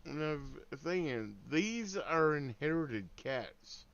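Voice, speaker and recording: A man's voice: a little high, animated, slow, a bit bright, lo-fi sound. A man streaming a game, telling a meandering story in laid-back, swearing casual chat full of fillers. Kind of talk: rambling casual chat while gaming.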